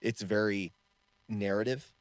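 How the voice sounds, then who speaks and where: A man co-hosting a casual podcast, an animated storyteller who laughs often and trails off and restarts. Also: on the low side, measured pace, no echo. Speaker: podcast co-host, martial arts instructor.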